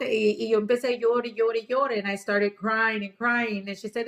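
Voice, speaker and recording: A woman's voice: a little high, steady tone, brisk, few pauses. Woman instructor, bilingual class talk, switches languages mid-thought, casual restarts. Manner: switches between English and Spanish, with fillers and restarts. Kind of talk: bilingual class talk, English then Spanish.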